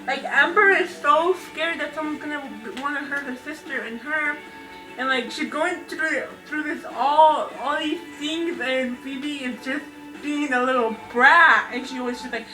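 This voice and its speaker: A young woman casually reviewing a book, gushing and excitable, with lots of fillers and restarts. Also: sits high, a little slow, recorded from a distance, rough recording. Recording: voice off-mic with music behind.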